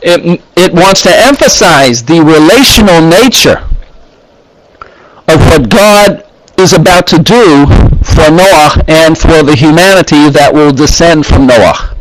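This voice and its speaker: A man teaching scripture in an unhurried way, pausing often as he reads Hebrew phrases and explains them. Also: a little high, animated, a little hiss or hum, low-quality recording. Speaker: Bible teacher.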